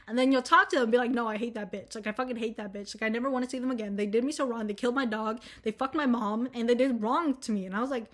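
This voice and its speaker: Her voice slightly high, a young college woman rattles off a loose, unfiltered vlog monologue at rapid-fire speed with almost no pauses. It's full of profanity and verbal fillers.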